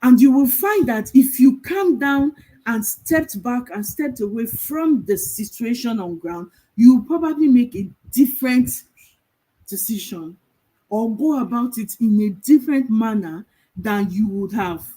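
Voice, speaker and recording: A middle-aged woman, giving a calm motivational talk as a virtual assistant coach, telling stories and asking rhetorical questions. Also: a little high, unhurried, slightly rough, rough recording.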